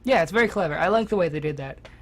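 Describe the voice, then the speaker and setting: A podcast co-host in casual gaming chat, animated and swearing freely. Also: medium pitch, very fast. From United States.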